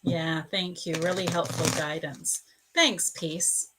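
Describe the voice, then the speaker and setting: A woman's voice: lowish voice, steady tone, slow pace, noisy background. A middle-aged woman psychic reading for viewers on a live stream, soothing and calling them dear and love. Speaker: psychic reader.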